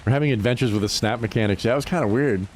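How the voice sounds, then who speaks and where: A man's voice: mid-range voice, racing, slight background noise. A young man, casually telling swear-filled stories and laughing as he streams a game. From New Hampshire. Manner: animated storytelling, swears freely, laughs often. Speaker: livestreamer. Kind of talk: casual chat while gaming.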